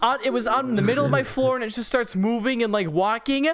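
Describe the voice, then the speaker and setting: A young man hosting a casual podcast, telling a childhood story with animated, profane energy and laughter. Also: very high voice, fast. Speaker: podcast host.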